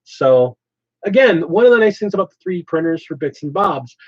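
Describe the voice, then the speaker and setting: A man's voice: sits high, animated, brisk, slightly rough. A man hosting a casual hobby channel chat, thinking aloud as he explains his plans. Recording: slightly dull lo-fi audio.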